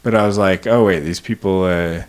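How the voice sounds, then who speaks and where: Low-voiced, laid-back male co-host. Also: normal speed, smooth. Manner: laid-back, agreeable, many short affirmations. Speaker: podcast co-host. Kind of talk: casual chat.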